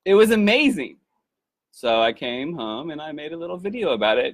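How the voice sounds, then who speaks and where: Enthusiastic male storyteller, rambling, mid pitch, dry close recording. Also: expressive, normal speed, dry recording. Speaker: activist video maker. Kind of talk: casual storytelling to camera.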